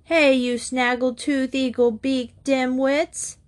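A woman voicing a young boy who is rude and defiant, shouting insults in a storybook reading. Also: on the low side, animated, normal speed.

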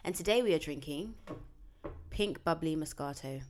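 A young woman co-hosting a podcast, chatting casually in quick, bubbly banter. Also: deep voice, expressive, a little mellow, a little hiss or hum. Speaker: podcast co-host. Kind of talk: casual chat.

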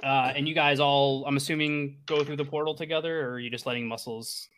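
A man's voice: medium pitch, fairly even intonation, brisk, a bit bright, a little hiss or hum. A man narrating a tabletop game as game master, rambling with many restarts.

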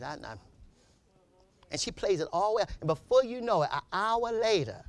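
A male preacher delivering an impassioned sermon, rising to shouts and calling out to his congregation. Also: high-pitched, animated, quick pace.

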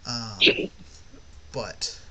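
Male podcast host, bright voice, rambling casual teacher. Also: very slow. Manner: rambling, frequent "you know what I mean".

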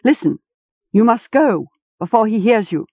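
A woman's voice: a little high, animated, unhurried, breathy edge, no room sound, voice pushed up, heavily acted. A woman voicing a thin, half-starved male farm hound that is anxious and whimpering, in a storybook reading over a tinny line. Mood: warning. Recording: tinny phone-like sound.

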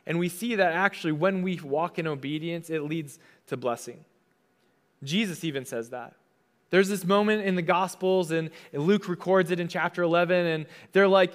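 A man's voice: fairly high pitch, moderate pace. A young adult man, a pastor, giving a conversational sermon and casually acting out the voices he quotes.

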